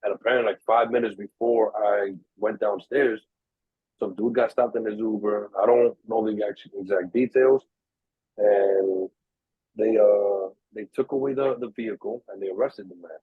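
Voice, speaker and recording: This podcast co-host from New York has a husky, lowish male voice and speaks at a moderate pace in a casual storytelling chat. He's an animated storyteller who does everybody's voices and swears without holding back. The recording is dry, tinny and narrow-band, thin like a phone line.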